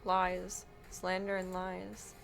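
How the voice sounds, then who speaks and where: Bright, giggly woman streamer. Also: fairly low pitch, completely flat delivery, slow pace, gravelly, soft background music. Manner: giggly, rambling, self-deprecating. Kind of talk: casual live-stream chat.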